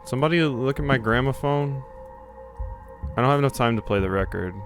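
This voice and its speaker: A man's voice: mid-range voice, a little fast, faint music behind. A young man live-streaming a game, chatting casually with his viewers in a rambling, jokey way, swearing and reading game text aloud. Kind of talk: casual live-stream chat while gaming.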